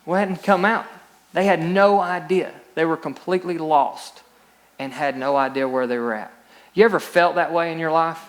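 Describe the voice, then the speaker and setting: A man with a fairly high voice preaches a sermon as pastor. He moves between steady scripture reading and emphatic, rising peaks of exhortation. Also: normal speed.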